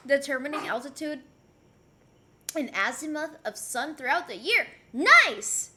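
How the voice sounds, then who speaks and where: At home, a woman live streamer chats casually, reading chat messages aloud and cooing at and teasing her pet between comments. Her voice is high and sing-song, bright and forceful, at a slow pace.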